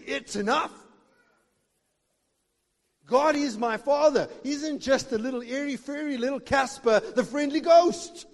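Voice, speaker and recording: A man preaching a sermon with fervour, swinging between shouted declarations and hushed asides. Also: extremely high pitch. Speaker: pastor. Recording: long reverb of a big hall.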